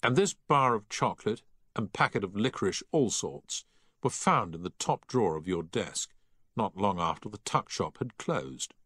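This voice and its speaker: A man reads the part of a stern, strict middle-aged male housemaster in an audiobook, pitching his voice above his own natural one to a fairly low register. The schoolmaster speaks curtly and uncompromisingly, in an expressive, slightly bright voice with a breathy edge at normal speed. The recording is dry and clean, with studio quality.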